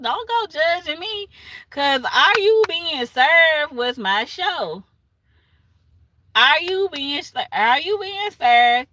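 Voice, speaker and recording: A woman's voice: high-pitched, pushed and bright. A woman, rambling in a casual livestream chat and laughing often.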